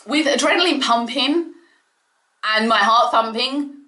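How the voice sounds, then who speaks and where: A woman giving an excitable, chatty solo review of a wrestling show from her home. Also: a little high, measured pace, echoey room. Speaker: wrestling vlogger. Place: home room.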